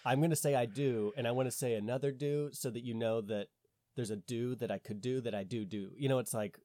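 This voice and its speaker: A man's voice: medium pitch, steady tone, fairly quick, dark tone. A man co-hosting a podcast in casual chat, rambling with many fillers and acting out what people said. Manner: rambling, lots of "like", acts out quoted voices. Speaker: podcast co-host.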